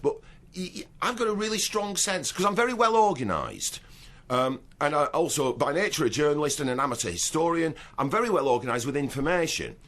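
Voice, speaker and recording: A man with a northern English accent, a radio guest talking animatedly and often restarting his sentences. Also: mid-range voice. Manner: animated, repeats words while starting thoughts. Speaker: interview guest, broadcaster and author. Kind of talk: radio interview.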